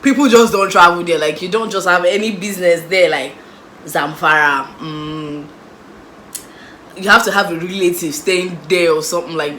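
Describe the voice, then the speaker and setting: A young Nigerian woman in a casual storytime vlog, lively and acting out the people in her story. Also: lowish voice, normal speed, echoey room, a little hiss or hum, low-quality recording. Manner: animated, acts out voices of the people in her story. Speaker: vlogger.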